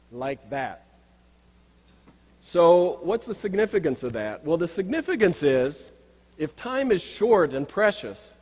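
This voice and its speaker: A man's voice: on the high side, darkish tone. A middle-aged man and executive coach giving a reflective, anecdotal banquet speech while pointing out slides. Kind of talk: storytelling speech. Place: banquet hall. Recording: long reverb of a banquet hall.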